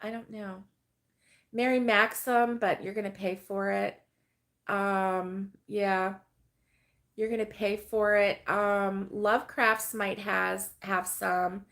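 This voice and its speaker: Her voice is medium-pitched and a bit bright, level in tone and slow in pace. A middle-aged American woman running a crochet live stream, she chats casually, rambles with many fillers, and laughs frequently over viewer comments.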